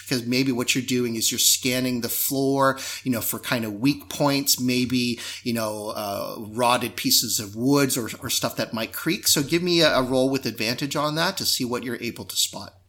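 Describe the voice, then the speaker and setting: A man narrates a tabletop role-playing game as game master. His voice is bright and mid-pitched, and his delivery is relaxed and full of fillers. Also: normal speed, few pauses.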